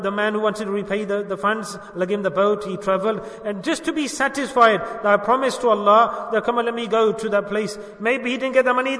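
A man preaching a religious sermon, who asks his listeners questions, answers them himself and urges them to say the answer loudly. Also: sits high, roomy sound, in a large hall, far from the mic. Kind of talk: religious sermon with call-and-response.

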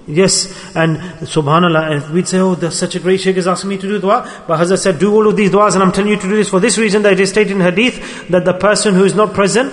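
A man preaching an earnest sermon, circling back to repeat his points and sprinkling in Arabic and Urdu religious words. His voice sits somewhat high for a man. The sound carries a long reverb. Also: steady tone, fast talker, hardly any pauses. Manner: earnest, repetitive, mixes Arabic and Urdu terms. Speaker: religious teacher.

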